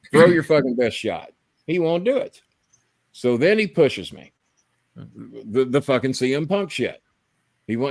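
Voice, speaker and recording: A man's voice: mid-range voice, dry recording. A man, hosting a live podcast and telling long, profane, rambling stories. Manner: profane, rambling, animated storyteller. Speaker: podcast host. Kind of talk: casual storytelling on a live stream.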